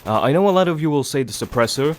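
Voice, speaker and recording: Hushed, stuffy-nosed young man. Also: animated, quick pace, a little hiss or hum. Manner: hushed low voice to avoid waking others; rambling, many fillers, swears casually. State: stuffy nose from a cold. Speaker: gaming channel host. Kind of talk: casual gameplay commentary. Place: home, early morning.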